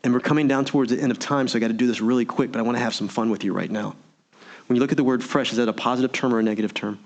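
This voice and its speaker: A man giving an energetic motivational keynote, full of rhetorical questions and audience prompts. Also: medium pitch, very fast, dull audio. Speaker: motivational speaker. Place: virtual meeting event.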